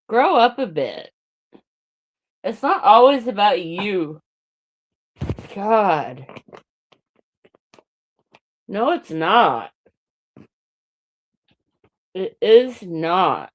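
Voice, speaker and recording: Woman streamer, slow and dry, ranting at chat. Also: medium pitch, big pitch swings, no room sound. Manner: ranting, irritated, reacting to chat. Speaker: livestream host. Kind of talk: casual solo livestream chat.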